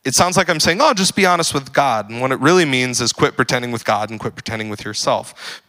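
A young man preaches with an easygoing, joking manner, peppering his talk with fillers before pushing into animated emphasis. His voice is bright and forceful, sitting at a middle pitch. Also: quick pace. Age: young adult. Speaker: pastor. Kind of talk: sermon.

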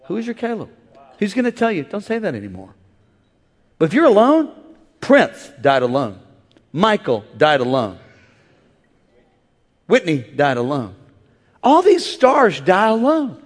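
High-voiced man preaching in a reverberant hall. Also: huge pitch swings, measured pace, pauses often. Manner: call-and-response preaching, rising to shouts. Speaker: pastor. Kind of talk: sermon. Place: large church auditorium.

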